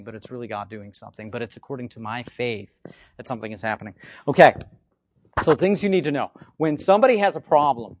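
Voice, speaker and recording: A man with a slightly hoarse voice, giving an informal teaching on faith healing, swinging between loud bursts and low asides and often checking in with "okay?". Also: dry recording. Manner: repetitive, conversational, frequent "okay?" check-ins. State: hoarse from frequent yelling.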